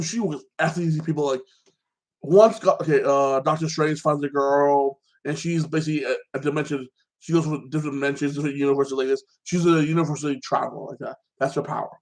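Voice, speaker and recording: A man excitedly recapping a movie in a casual chat, rambling and filling his talk with fillers. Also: fairly high pitch, a little fast. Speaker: podcast host.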